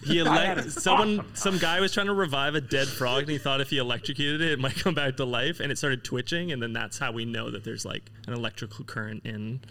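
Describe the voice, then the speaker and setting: A man's voice: medium pitch, a little fast, hardly any pauses. A man co-hosting a podcast, chatting and joking casually. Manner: joking, animated. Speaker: podcast co-host. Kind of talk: casual chat.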